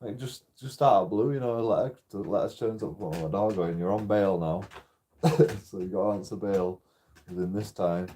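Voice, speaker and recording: British male streamer, low-ish warm voice, rambling and sweary, laughs a lot. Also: moderate pace. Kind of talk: casual storytelling while gaming.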